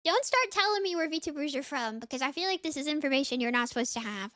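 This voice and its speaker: A woman's voice: sits high, expressive, quick pace, sharp tone, no echo. Young woman streamer, light Southern accent, congested, chatty, dry close sound. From US South (Florida, Mississippi). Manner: chatty, rambling, lots of "like". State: sniffly, congested. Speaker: VTuber streamer. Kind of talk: casual gaming stream chat.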